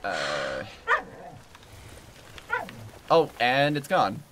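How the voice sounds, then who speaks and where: A woman's voice: extremely low pitch, sing-song, very slow, heavy background noise. A woman streaming a co-op cooking game, chatting casually in a playful, teasing way. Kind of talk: casual gameplay chat.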